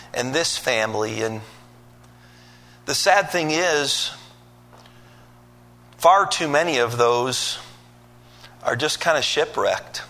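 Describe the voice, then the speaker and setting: A man's voice: medium pitch, bright, forceful tone. A male pastor from Michigan preaching a sermon, telling stories with voiced asides and building to emphatic peaks.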